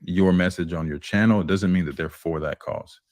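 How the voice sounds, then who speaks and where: A man speaking as a panel guest, measured and hesitant with fillers. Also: deep voice, a little mellow, no echo. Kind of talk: panel discussion.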